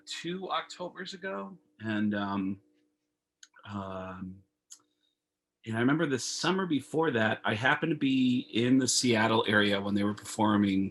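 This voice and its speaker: A man, a comedian guest on a video call, telling an animated, profane story. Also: lowish voice, a little slow. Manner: animated, profane, acts out dialogue. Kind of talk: casual storytelling.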